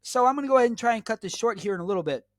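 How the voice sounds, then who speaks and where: Very high and expressive, the voice of this American channel host races along with no room sound at all. He delivers a solo monologue, lecturing the viewer emphatically and repeating himself.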